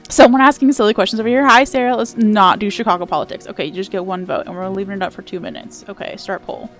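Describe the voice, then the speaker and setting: A young woman chats fast in a mid-range voice while streaming a game, with soft background music underneath. Playful and talkative, she reads out her viewers' comments and answers them.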